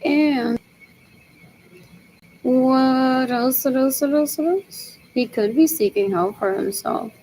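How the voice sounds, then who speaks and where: A woman's voice: high-pitched, slow, pauses often, warm tone, slight background noise, rough recording. A young woman rambling in a solo monologue, repeating herself and muttering as if to herself.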